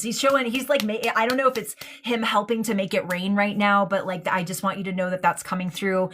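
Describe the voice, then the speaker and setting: A woman's voice: mid-range voice, steady tone, fairly quick, hardly any pauses, a bit bright, slight background noise. A woman giving a live-streamed mediumship reading, affectionate and hesitant, full of ums and likes. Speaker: psychic medium.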